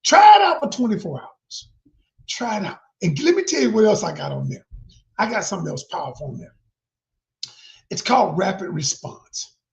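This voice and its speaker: A man working as a relationship coach, talking emphatically to viewers and calling them y'all, swinging from loud to whispered like a preacher. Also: high voice, sing-song, brisk, creaky, long pauses. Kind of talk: live-stream promotional talk. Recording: dull lo-fi sound.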